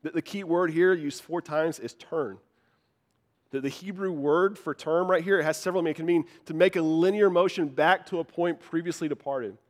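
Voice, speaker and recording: A man's voice: on the high side, moderate pace. A man preaching a sermon in an earnest, conversational way, often restarting words. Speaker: pastor.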